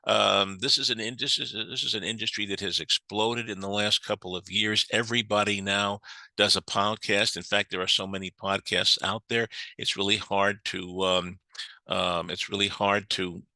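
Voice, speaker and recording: An older American man giving a lively business seminar talk, chatty and joking, with many fillers and restarts. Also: lowish voice, moderate pace, vocal fry, dry recording, low-quality recording. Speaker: business speaker.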